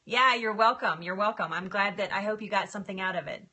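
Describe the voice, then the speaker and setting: A middle-aged woman chatting casually on a live stream, emotional and quick to laugh, answering viewer comments. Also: medium pitch, bright, forceful tone, husky. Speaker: livestream host.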